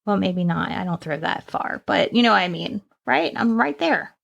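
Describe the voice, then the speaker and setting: A woman's voice: mid-range voice, lively intonation, moderate pace, gravelly, muffled recording. A woman co-hosting a podcast in casual chat, laughing often and drifting onto tangents. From Northern Kentucky. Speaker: podcast co-host. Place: indoors, seated on a squeaky chair.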